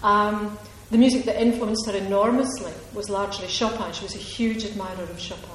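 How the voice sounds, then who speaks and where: An author from Ayrshire, Scotland, answers audience questions at a reading in a chatty, rambling way, laughing often. Her voice is medium-pitched with fairly even intonation and a slightly fast pace. The hall is echoey, with faint noise.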